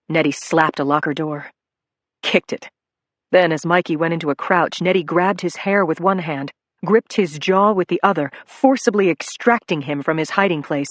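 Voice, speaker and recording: An audiobook narrator telling a crime story in a measured, dramatic way on a close studio microphone. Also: mid-range voice, no room sound.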